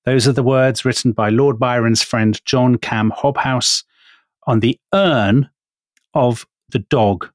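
A man's voice: medium pitch, no echo. British man telling history, dry studio. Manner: chatty storytelling, measured and deliberate. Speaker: podcast co-host. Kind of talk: casual history podcast chat.

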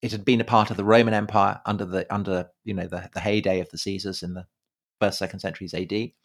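A man co-hosting a podcast in a casual conversational style, halting often with fillers and repeated words. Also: sits low, fairly even intonation. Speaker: podcast co-host. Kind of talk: casual conversational history chat.

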